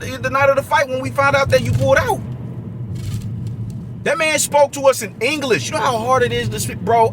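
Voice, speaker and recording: Brief: young New guy, high voice, loose profane street talk, noisy recording with car sounds behind. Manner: profane, slangy, restless and repetitive. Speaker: boxing commentator. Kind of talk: casual commentary rant.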